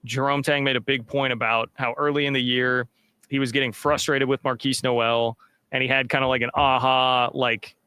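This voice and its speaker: Bright, upbeat male sports podcast host. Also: mid-range voice, flat delivery, moderate pace, clear, resonant tone, no room sound. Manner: upbeat, filler-heavy, reads sponsor plug. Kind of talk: casual sports chat.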